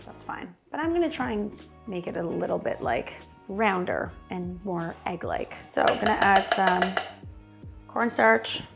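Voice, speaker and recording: A woman's voice: mid-range voice, very animated, measured pace, vocal fry, music in the background. A woman hosting a cooking show in her home kitchen, chatty and wry as she talks through each step. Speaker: cooking channel host. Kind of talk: casual cooking demonstration.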